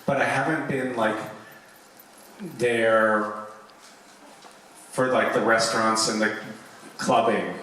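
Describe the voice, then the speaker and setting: A middle-aged man answering fan questions at a convention panel, rambling and self-mocking, now and then lively in his stories. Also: lowish voice, slow, pauses often, slight background noise. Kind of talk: casual Q&A storytelling. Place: large convention hall. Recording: echoey hall, taped from far off.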